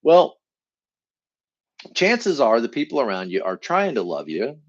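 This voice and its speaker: Middle-aged man, live coaching talk, lively up-and-down voice, dull lo-fi audio. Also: moderate pace. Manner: animated, acts out quoted voices in a higher pitch. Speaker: enneagram coach. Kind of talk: live-streamed teaching talk.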